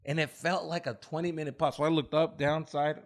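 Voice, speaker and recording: A young man casually telling a long story on a podcast, animated and heavy on slang and profanity, acting out what people said. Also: a little high, fairly quick. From United States. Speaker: podcast co-host.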